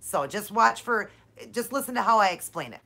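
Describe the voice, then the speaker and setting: A woman answers her viewers live in an effusive, heartfelt way, cheering them on and calling them "you guys" and "honey." Her pitch sits mid-range for a woman, and her delivery is casual chat. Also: lively intonation, normal speed, gravelly, sharp tone. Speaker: channel host answering live viewer questions.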